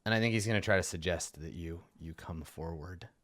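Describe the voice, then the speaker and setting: A man's voice: sits low, a little fast, fairly bright tone. Guy running a tabletop game, rambly, tons of fillers and restarts. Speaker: game master.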